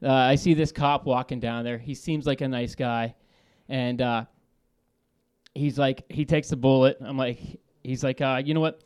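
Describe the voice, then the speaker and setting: A man calling in to a talk show, telling a story in a lively, laughing way, swearing and restarting his sentences. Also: medium pitch, normal speed, clean tone. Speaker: caller. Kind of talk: casual storytelling.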